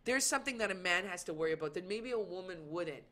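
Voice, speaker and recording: A woman comedian chats as a guest on a talk show, her voice bright and pitched on the low side for a woman. She tells stories in an animated way and acts out what other people said. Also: fast. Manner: animated storytelling, acts out quoted lines. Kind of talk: casual chat.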